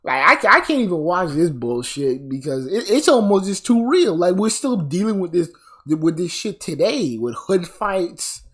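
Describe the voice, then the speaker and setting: A man's voice: high-pitched, sing-song, moderate pace, a bit bright, husky. A man delivering a blunt, profane commentary rant, sounding exasperated and weary. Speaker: commentary vlogger.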